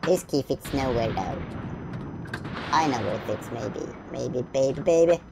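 A woman's voice: extremely low pitch, lively intonation, unhurried, creaky, a little mellow, a little hiss or hum. A woman playing through a video game, chatting playfully with herself, humming and making up nonsense words as she goes. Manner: silly, sing-song, makes up nonsense words. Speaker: gameplay commentator. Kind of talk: playful gameplay commentary.

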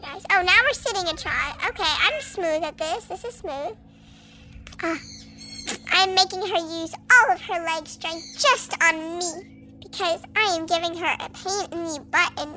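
A woman's voice: extremely high pitch, bright, forceful tone, full character voice. A woman voicing a cheeky young mare, a project pony, chatting playfully in a teasing comic voice-over with lots of "like".

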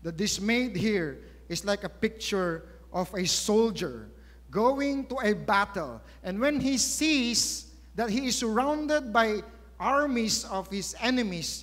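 High-voiced Filipino preacher in an echoey hall. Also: male voice, animated, slow, fairly bright tone. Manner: storytelling, emphatic, rhetorical questions. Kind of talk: sermon.

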